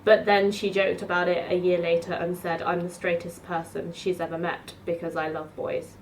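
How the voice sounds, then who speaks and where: A woman's voice: lowish voice, normal speed, a little hiss or hum. Chatty young woman telling stories. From England. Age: 20s. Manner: chatty and animated, acts out both sides of conversations. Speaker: vlogger. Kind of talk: casual storytelling vlog. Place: her home.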